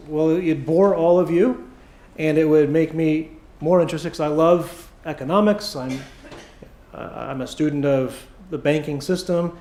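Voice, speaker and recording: A pastor preaching a midweek sermon with a sore, hoarse throat, emphatic and slowing down to press his points. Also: fairly high pitch, darkish tone. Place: church sanctuary. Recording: echoey church hall.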